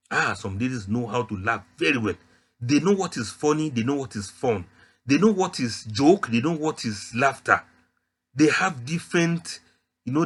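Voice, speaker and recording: A Nigerian-accented man delivers an Islamic lecture in a bright, forceful voice. His pitch sits in a middle range. He teases his listeners and speaks to them directly. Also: husky. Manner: emphatic, teasing, addresses listeners directly.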